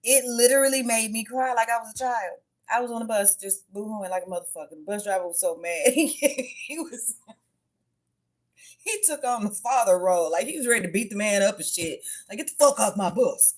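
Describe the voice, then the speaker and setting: A woman's voice: on the high side, a little fast. A woman hosting her tarot channel, chatting casually on a livestream and telling a story in frank, profane speech.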